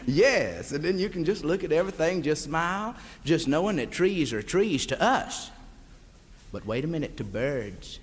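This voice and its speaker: This Southern-accented comic, speaking at a normal speed in a fairly high, animated voice, rambles folksily before a live crowd he calls beloved. His drawling stand-up set comes through on a hissy, echoey 1960s live LP.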